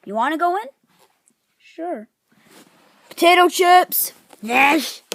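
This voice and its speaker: A woman's voice: very high-pitched, lively intonation, slow, fairly bright tone, exaggerated voice. A woman doing a bossy, snappish grown-up.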